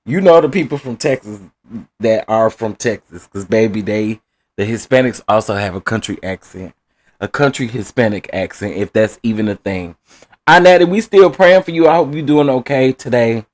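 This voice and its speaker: A man's voice: mid-range voice, moderate pace. A man giving casual live-stream commentary, playful, often laughing and calling his viewers baby and y'all. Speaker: online trial commentator.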